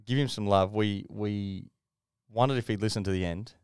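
A middle-aged Australian man co-hosts a podcast, chatting casually, laughing and swearing as he tells stories and acts out the people he quotes. His voice is lowish, a little mellow and clean, at normal speed, recorded in a clean studio with no room sound.

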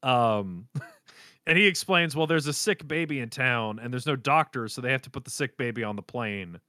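A man co-hosting a casual anime recap, animated and laughing often as he acts out silly lines. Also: mid-range voice, normal speed, dry recording, clean studio sound. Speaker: podcast co-host.

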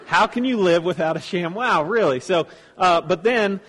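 A man giving loose, casual commentary on video clips, rambling and halting with frequent restarts. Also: high voice, a bit bright, long reverb tail. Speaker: speaker reacting to clips.

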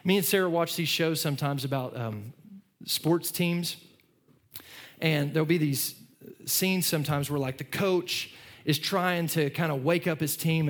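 Middle-aged guy preaching, kinda high voice, chatty, gets loud then drops real soft. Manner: conversational preaching, repeats words, rises and falls in loudness. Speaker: pastor. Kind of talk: sermon.

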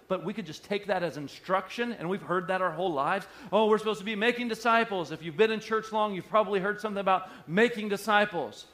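Male pastor, higher voice, sermon delivery with soft-to-loud swings.

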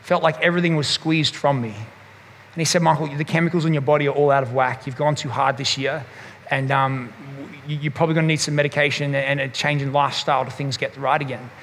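A man's voice: a little high, steady tone, fairly quick, fairly bright tone, slight background noise. A man, a pastor preaching a sermon and telling a personal story candidly, often restarting his sentences. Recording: long hall reverb.

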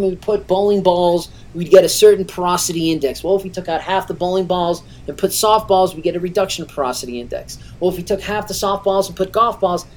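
Expert woman guest with a lower pitch, walks through the science with energy and plain examples. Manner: animated, explanatory, uses everyday analogies. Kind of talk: technical explanation in conversation.

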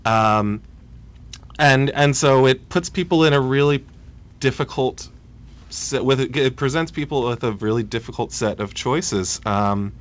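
A man in his thirties speaks as a policy guest on a radio interview. His voice is smooth and resonant, and he talks haltingly, stopping and restarting his sentences as he searches for words. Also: mid-range voice. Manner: hesitant, halting, many restarts.

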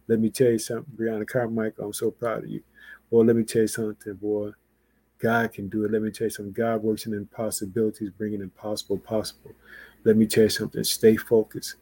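A male pastor preaching a fervent sermon, repeating catchphrases and urging listeners on with excitement. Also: medium pitch, no echo.

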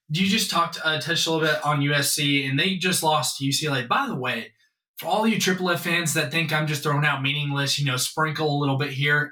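A man's voice: fairly high pitch, bright, forceful tone. A man co-hosting a sports podcast, emphatic and hyped, talking up his own picks. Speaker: podcast co-host. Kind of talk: casual sports chat. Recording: echoey room, mic at a distance.

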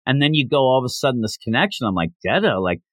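A man co-hosting a casual comic book review chat, animated and jumping into mocking voices for the characters. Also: medium pitch, rapid-fire, no room sound. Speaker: podcast co-host.

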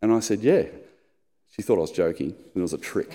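A middle-aged man preaching a sermon as a pastor, telling personal stories and putting on squeaky voices in them. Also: animated, a little fast, mellow. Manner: storytelling, acts out squeaky high voices in anecdotes. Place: church hall. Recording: long hall reverb.

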